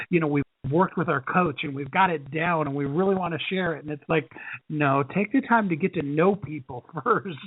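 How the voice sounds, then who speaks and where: A man's voice: a little high, dry recording. A man hosting a podcast, chatting earnestly with his guest and asking her questions. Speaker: podcast host. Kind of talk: conversational interview. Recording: tinny phone-like line.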